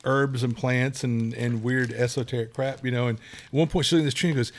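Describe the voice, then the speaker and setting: A man's voice: mid-range voice, fast. A middle-aged man co-hosting a casual podcast, telling rambling stories and acting out the quoted dialogue. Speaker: podcast co-host.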